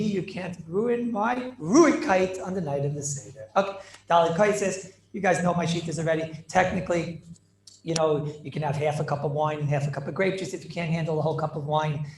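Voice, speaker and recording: A man teaching a lively Torah class as a rabbi, playful and theatrical, mixing in Yiddish and Hebrew terms. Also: high-pitched, reverberant.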